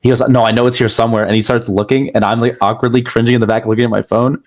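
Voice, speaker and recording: A man's voice: medium pitch, little pitch movement, rapid-fire. A man co-hosting a podcast in casual chat, telling profane anecdotes at speed. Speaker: podcast co-host.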